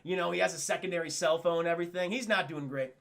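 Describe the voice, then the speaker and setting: Man, streamer film recap, high gravelly voice, bright tone, profane, addresses chat. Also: steady tone, quick pace.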